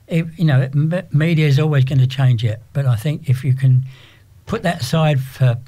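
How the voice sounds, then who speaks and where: Older english guy rambling in an interview, stop-start, mellow voice. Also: medium pitch. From England. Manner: rambling, halting with many restarts. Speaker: interview guest. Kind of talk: casual interview.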